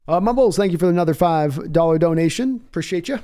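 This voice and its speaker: A smooth, clear-voiced man hosts a casual fan stream. He talks in a mellow, somewhat higher tone, rambling and restarting as he reads out viewer messages and thinks aloud. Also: lively intonation, fast talker. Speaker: host of a fan sports livestream. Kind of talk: casual live-stream commentary reading chat.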